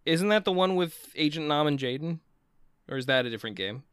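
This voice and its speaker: Bright, dry-voiced rambling man. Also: fairly high pitch, expressive, a little fast, clean tone, dry recording. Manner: rambling, many restarts, casual swearing. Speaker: podcast co-host. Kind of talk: casual chat.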